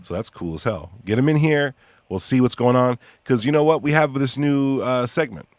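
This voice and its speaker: A young man hosting a podcast in casual chat, rambling through ideas with many fillers and sudden excited bursts. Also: mid-range voice, normal speed, dry recording. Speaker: podcast host.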